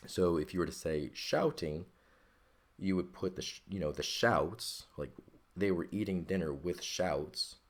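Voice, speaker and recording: A man's voice: low-pitched, expressive, a little slow. A man teaching a Greek grammar lesson, working patiently step by step and often checking in with "okay?".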